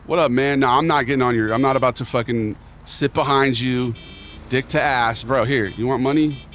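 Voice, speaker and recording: A man's voice: mid-range voice, normal speed, a bit bright, a little hiss or hum. Rambling young man streaming by the street. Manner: rambling, slangy, reads chat aloud. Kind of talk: casual live-stream chat.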